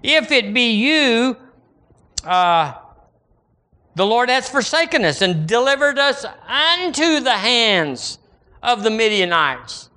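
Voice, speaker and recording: A man's voice: very high voice, very animated, slow, sharp tone, voice pushed up, heavily acted. A man voicing a despairing ancient Israelite who complains that God has abandoned his people. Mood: complaining.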